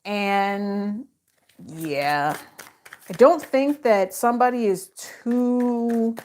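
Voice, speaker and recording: A woman's voice: mid-range voice, drawn-out words, darkish tone. A middle-aged woman giving a casual, rambling psychic tarot reading, full of fillers and self-interruptions.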